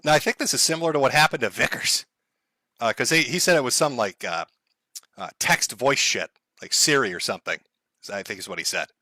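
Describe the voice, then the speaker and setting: A man's voice: medium pitch, lively intonation, fairly quick, pushed and bright, no room sound, studio quality. A man streaming live in casual chat, sarcastic and profane, laughing often as he talks to his chat.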